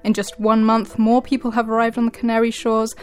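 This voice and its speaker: A woman presenter reading scripted news and introducing a studio guest, clear and measured. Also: on the high side, little pitch movement, a little mellow, faint music behind. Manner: clear, measured broadcast delivery.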